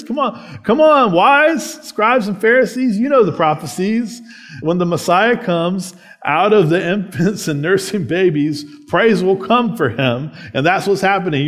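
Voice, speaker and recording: A man's voice: high-pitched, voice pushed up. A man acting out Jesus rebuking the scribes and Pharisees, emphatic and challenging, with his voice raised.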